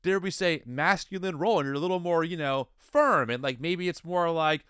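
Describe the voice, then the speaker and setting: A man in his thirties co-hosting a casual commentary podcast, animated and incredulous, often restarting his sentences. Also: fairly high pitch, fairly quick, clear, resonant tone, dry recording, clean studio sound. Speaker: podcast co-host.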